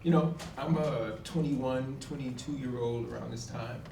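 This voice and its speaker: A man's voice: medium pitch, a little slow, vocal fry, distant mic, slight background noise. Man telling a story in an echoey hall. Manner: animated, acts out quoted dialogue with emphatic outbursts. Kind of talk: live personal storytelling. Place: college event hall.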